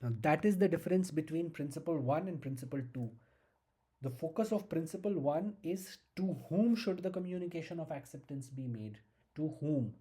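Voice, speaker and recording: A law lecturer with an Indian English accent giving a slow, emphatic exam-prep lesson, repeating key points and checking in with "okay?". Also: mid-range voice, animated, dark tone, husky.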